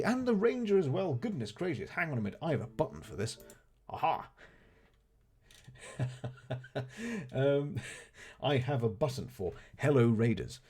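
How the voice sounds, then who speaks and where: Genial man, husky lively voice. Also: mid-range voice. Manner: chatty, genial, fond of exclamations like goodness gracious. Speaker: streamer. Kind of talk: casual live-stream chat while playing.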